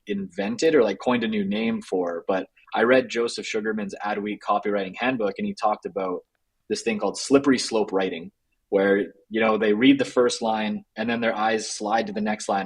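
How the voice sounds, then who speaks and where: Husky-voiced young-sounding male guest. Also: lowish voice, brisk, poor audio. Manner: casual, frequent "like" fillers. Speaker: guest, writer and co-founder. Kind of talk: interview conversation.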